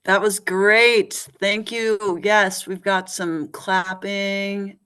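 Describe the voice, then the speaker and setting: A woman's voice: mid-range voice, little pitch movement, very slow, a bit bright, smooth. A woman hosting a video call, speaking briefly and encouragingly. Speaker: call organizer.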